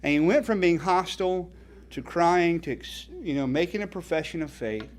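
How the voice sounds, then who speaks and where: Man, ministry founder at a banquet, emphatic preaching speech, slightly high voice. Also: expressive, normal speed. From North Carolina. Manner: earnest, emphatic, rhetorical questions. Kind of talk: dinner speech with preaching stories. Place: banquet hall.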